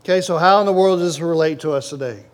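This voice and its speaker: A man's voice: on the high side, quick pace. A man preaching a sermon to a congregation, asking them questions and stressing his points. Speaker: pastor.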